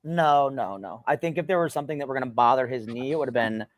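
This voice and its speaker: A man's voice: mid-range voice, fast, dry recording. A man giving blunt sports analysis in casual podcast talk.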